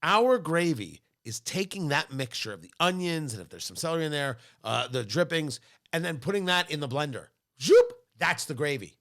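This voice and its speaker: A man's voice: on the high side, fairly quick. A middle-aged man co-hosting a casual podcast chat, telling food stories with enthusiastic, playful bursts. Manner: animated, enthusiastic storytelling with playful outbursts. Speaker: co-host.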